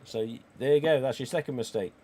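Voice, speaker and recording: A man, croaky today, hosting a live stream and chatting cheekily with viewers. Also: mid-range voice, quick pace, dark tone. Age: 40s. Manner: chatty and cheeky, with casual swearing. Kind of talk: casual livestream chat reading viewer comments.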